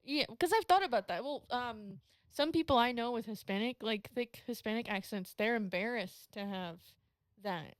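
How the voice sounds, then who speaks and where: A woman's voice: a little high, expressive, normal speed, no room sound. Hesitant young woman in casual chat. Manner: hesitant, many fillers like "like", trails off. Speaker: podcast guest.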